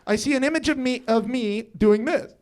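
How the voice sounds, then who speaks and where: A man's voice: very high voice, a little fast, darkish tone. A young man telling a personal story at a live storytelling show, often laughing through his lines and acting out his own thoughts.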